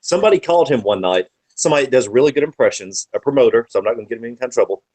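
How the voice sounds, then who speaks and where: A podcast guest with a medium-pitched voice races through long, rambling wrestling-world anecdotes, animated and swearing freely in a casual storytelling chat. The audio quality is poor.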